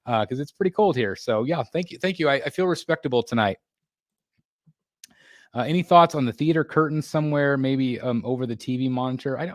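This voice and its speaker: A man's voice: mid-range voice, no echo. Guy hosting a live chat, mid voice, lots of ums and restarts, dead dry sound. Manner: halting, many fillers and restarts, laughs often. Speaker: livestream host. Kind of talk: casual live chat reading viewer comments. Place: home room being built.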